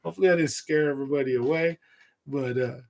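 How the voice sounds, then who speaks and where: A man hosting a fishing livestream, casually telling a rambling story from his youth in an animated way and laughing at it. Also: fairly high pitch, quick pace, creaky. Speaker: fishing channel livestream host.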